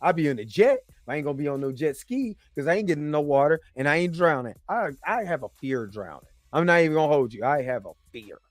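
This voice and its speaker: High-voiced guy doing a chatty reaction review, joking around, dry sound. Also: fast talker, few pauses, no room sound. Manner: animated, joking, talks to the audience. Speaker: host and movie reviewer.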